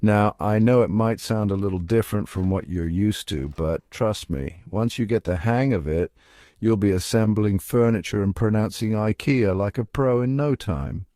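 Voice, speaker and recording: A man giving scripted, upbeat narration as a pronunciation guide, coaxing the listener and slowing down to spell out each word. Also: lowish voice, dark tone, smooth, no room sound, studio quality.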